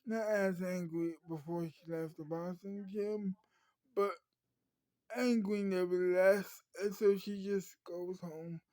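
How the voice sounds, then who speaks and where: Brief: male storyteller, slow and hesitant, mellow dry voice. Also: sits high, fairly even intonation, no echo, poor audio. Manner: halting, many ums and restarts. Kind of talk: improvised spoken story.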